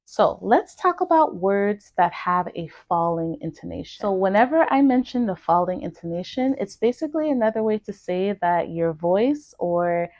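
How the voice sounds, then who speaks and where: A woman with an American accent teaching pronunciation, saying model words and sentences slowly and carefully. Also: mid-range voice, big pitch swings, darkish tone, no room sound, muffled recording. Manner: slow, careful, clearly articulated model words. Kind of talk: pronunciation lesson.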